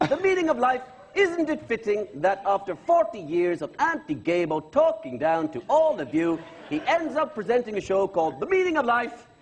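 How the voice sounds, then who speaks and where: A man's voice: extremely high pitch, big pitch swings, normal speed, few pauses, slight background noise, voice pushed up, full character voice. A man voicing an older male TV presenter, preachy and condescending, repeating his phrases. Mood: patronising. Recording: TV studio with audience.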